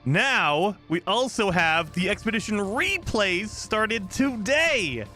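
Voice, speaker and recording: A man streaming a game live, chatting casually and excitedly to his viewers while saying he is exhausted from little sleep. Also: high voice, takes it slowly, soft background music. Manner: excitable, rambling, talks to chat. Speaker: gaming streamer.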